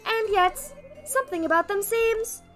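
A woman's voice: extremely high pitch, moderate pace, fairly bright tone, soft background music. A woman reading as a grandiose robot queen. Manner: reading game dialogue aloud. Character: vain robot queen, female adult, grandiose.

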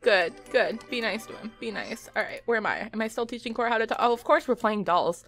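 A woman's voice: on the high side, lively intonation, fast, fairly bright tone, faint music behind. A young adult woman hosting a let's play, giving chatty, giggly commentary and talking to her game characters. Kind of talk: casual gameplay commentary.

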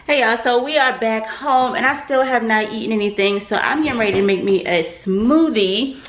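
A woman's voice: a little high, moderate pace, some chatter behind, a little hiss or hum. A young woman, chatting casually to camera in her home kitchen, laughing often and calling her viewers "y'all.". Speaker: vlogger, mother.

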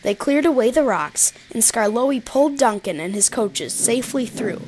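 A woman narrating a children's railway storybook in an even, gentle storytelling manner. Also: a little high, normal speed, slight background noise. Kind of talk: storybook reading.

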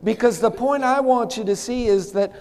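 A man's voice: very high-pitched, normal speed, a little mellow, in a large hall. A man preaching a sermon as pastor, emphatic, calling on the congregation to answer back. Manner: emphatic, calls for congregation responses. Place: church sanctuary.

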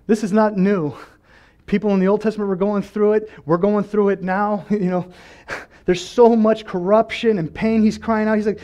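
A man with a high voice preaches a church sermon. He talks quietly at times, then climbs into loud, passionate cries to God, and he often stumbles and repeats words as he restarts a sentence. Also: a little fast. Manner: passionate, swings from quiet to shouting. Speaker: pastor.

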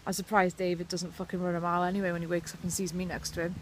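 A woman's voice: on the low side, little pitch movement, rapid-fire, slight background noise. A woman with a Welsh accent, ranting to camera in a vlog, swearing heavily, blunt and sarcastic. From Wales. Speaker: vlogger. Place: outside her house.

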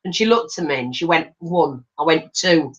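A woman's voice: deep voice, moderate pace, muffled recording. An older grandmother, chatting as she works on a craft tutorial and acting out little voices in her stories. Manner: animated, acts out voices in anecdotes. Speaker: craft channel host. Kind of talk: chatty storytelling while crafting.

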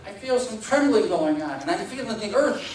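A man delivers a humorous speech with lively, self-mocking storytelling. His voice rings through a large, echoey hall and is picked up from well back. Audience laughter and room noise sit behind him. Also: sits high, fairly quick, far from the mic, a loud crowd. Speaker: contest speaker.

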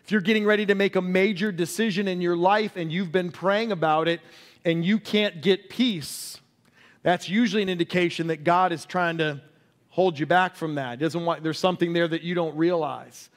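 A male pastor preaching a sermon, asking the congregation questions and acting out quoted cries before dropping to a hush. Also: high-pitched, fairly even intonation, normal speed. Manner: acts out quoted cries loudly and drops to a hush.

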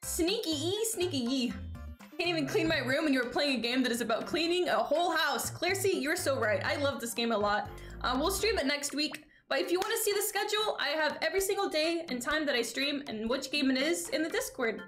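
A woman's voice: high voice, expressive, a little fast, a bit bright. A young woman streaming a video game, chatting playfully and dramatically with her chat and thanking followers. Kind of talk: casual live-stream chat while gaming. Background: faint game music.

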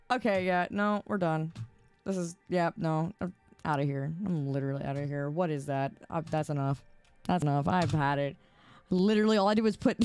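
A woman's voice: mid-range voice, expressive, unhurried, clean tone, soft background music. A tired woman streaming a game, chatting casually with her viewers in an exasperated, laughing manner on a close mic. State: tired from staying up. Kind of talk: casual live-stream chat while gaming. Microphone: close desk mic.

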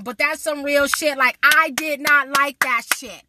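A woman's voice: high voice, brisk, few pauses, background noise. A woman, ranting to her camera in a blunt, indignant vlog full of swearing. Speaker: vlogger. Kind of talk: casual vlog rant to camera.

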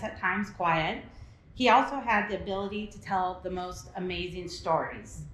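A woman giving prepared remarks at a memorial service, measured and steady. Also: mid-range voice, slight background noise. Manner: measured, reading from notes. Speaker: memorial speaker, former supervisor. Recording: echoey hall.

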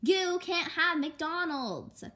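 A woman's voice: extremely high pitch, expressive, very slow, fairly bright tone, pitched above the performer's own voice, full character voice. A woman voicing a tired, firm mother of two girls in a storybook read-aloud. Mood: stern. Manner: firm, no-nonsense.

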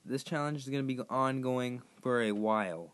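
A hoarse man who has partly lost his voice, chatting casually to viewers as he plays a game and sets tasks for them. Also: mid-range voice, normal speed, fairly bright tone. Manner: rambling, chatty, addressing viewers directly. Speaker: gaming YouTuber. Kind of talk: casual gameplay commentary.

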